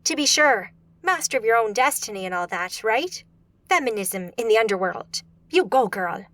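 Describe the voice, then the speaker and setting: A woman's voice: a little high, animated, normal speed, a bit bright, no room sound. A woman reading a sarcastic, fearless sorceress. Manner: sarcastic, flippant.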